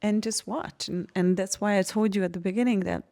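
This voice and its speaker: A woman from Hungary, telling personal stories in a casual podcast chat, animated and laughing often. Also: mid-range voice, a little fast, vocal fry. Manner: animated storytelling, laughs often, frank and expressive.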